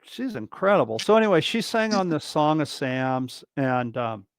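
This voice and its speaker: A man hosting a casual drummers' chat, telling stories in an animated way with many restarts. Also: a little high, moderate pace, dry recording, clean studio sound. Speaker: host, drummer.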